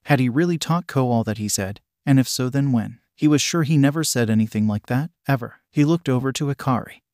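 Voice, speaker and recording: A man narrating a fan fiction story in a steady, plain reading. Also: mid-range voice, brisk, dry recording, studio quality.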